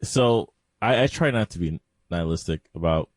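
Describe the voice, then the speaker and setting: A man with a deep, low voice co-hosts a casual podcast chat. He stays relaxed and even, laughs easily, and trails off in small hesitations. The close mic sounds dry, with no room around it. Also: moderate pace, dry recording. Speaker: podcast co-host.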